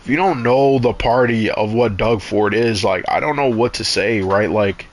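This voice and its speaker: A young Canadian gaming streamer chats casually while he plays, telling rambling, profane stories packed with restarts and asides. His voice is on the low side and moves at normal speed.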